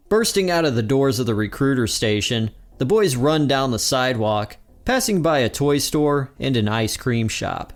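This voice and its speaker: Guy hosting a podcast, retelling a cartoon episode, voice goes up and down a lot. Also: medium pitch. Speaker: podcast host.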